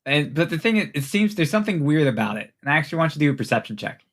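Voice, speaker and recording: A man's voice: a little high, sing-song, racing. A young man narrating as game master in a casual, laughing way, with many fillers.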